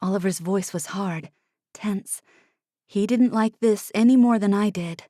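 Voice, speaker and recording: A woman's voice: medium pitch, unhurried, dry recording. Dry, close woman audiobook narrator. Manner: hushed, drops to unvoiced whispers in tense passages. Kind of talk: first-person fantasy audiobook narration. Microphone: close studio mic.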